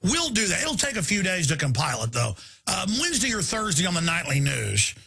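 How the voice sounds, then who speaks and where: High bright-voiced guy ranting on his radio show, indignant, goes off on tangents. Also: huge pitch swings, brisk, vocal fry, slightly rough. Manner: rambling, indignant, with restarts. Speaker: radio talk show host. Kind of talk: live talk radio monologue.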